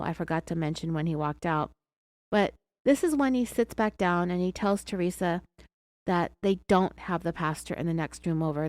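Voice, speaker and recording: A woman's voice: on the low side, darkish tone, no echo. A woman with an American accent hosting a true crime podcast, telling the story in a sarcastic, chatty way. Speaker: podcast host.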